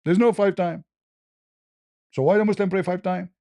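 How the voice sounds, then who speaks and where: Man, host, heated debate, mellow warm tone, dry close sound, somewhat high voice. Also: steady tone, normal speed, dry recording. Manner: argumentative, repeats points, mocking.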